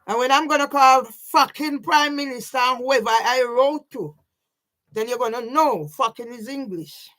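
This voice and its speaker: Her voice is high-pitched and fairly bright, at a moderate pace, as this vlogger talks directly to her camera. It's an emotional personal monologue: she's agitated, sleepless and overwrought, swearing often and frequently asking "yeah?"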